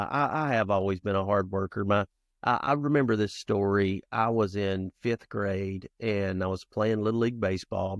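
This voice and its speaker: A man in his fifties speaks as a podcast guest with a fairly low voice. He tells personal stories earnestly, acting out old scenes with restarts and asides. The sound is dry and close. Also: no room sound. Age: 50s. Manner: lively storyteller who acts out childhood scenes. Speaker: podcast guest, founder and youth coach. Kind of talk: conversational storytelling interview.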